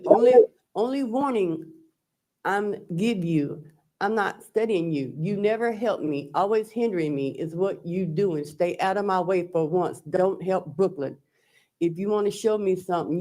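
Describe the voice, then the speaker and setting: A woman's voice: lowish voice, moderate pace, warm tone. A woman on the witness stand in a courtroom, recounting text messages and quoting both sides. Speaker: defendant testifying. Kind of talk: courtroom testimony.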